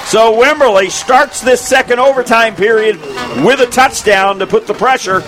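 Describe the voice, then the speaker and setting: High-pitched guy doing play-by-play for a football game, gets loud on big plays, voice going hoarse, faint music in the back. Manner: quick, excited calls rising to shouts on big plays. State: losing his voice. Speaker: play-by-play announcer. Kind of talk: play-by-play sports commentary.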